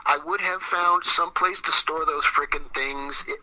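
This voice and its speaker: A man interviewed as a musician guest, talking casually in a rambling, halting way, repeating words and getting emphatic. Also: on the high side, fairly even intonation, pushed and bright, low-quality recording. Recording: radio broadcast.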